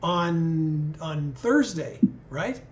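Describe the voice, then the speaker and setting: A man's voice: fairly high pitch, expressive, drawn-out words, dull audio, a little hiss or hum. A man hosting a live video call with callers, talking in an easygoing, conversational way. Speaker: livestream host. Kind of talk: casual live chat with callers. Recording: echoey room.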